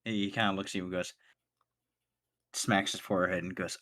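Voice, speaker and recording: Male game master, lowish voice, loose rambling narration of a tabletop game. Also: level tone, normal speed, a bit bright.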